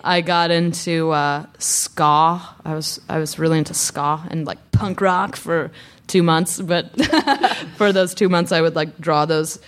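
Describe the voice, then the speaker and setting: A woman's voice: deep voice, fairly even intonation, unhurried. A woman in her thirties chatting and telling rambling stories with laughs as a guest on a live podcast stage. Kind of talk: casual chat on stage.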